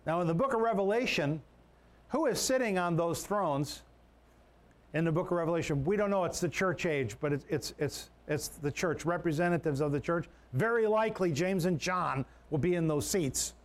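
High-voiced male pastor preaching conversationally. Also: lively intonation, moderate pace. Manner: conversational preaching with repeated words and restarts. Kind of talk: sermon.

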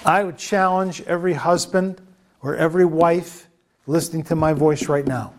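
A male preacher delivering a sermon in a somewhat high voice. He speaks with emphasis, repeats phrases again and again and keeps asking his listeners questions. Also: fairly even intonation, moderate pace.

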